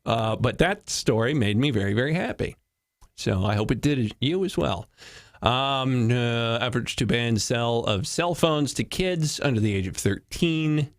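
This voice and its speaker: In a mid-range voice with lively intonation and a slightly slow pace, a male talk show host reads news stories and jokes about them by himself. His delivery is wry and full of laughter, with mock voices mixed in.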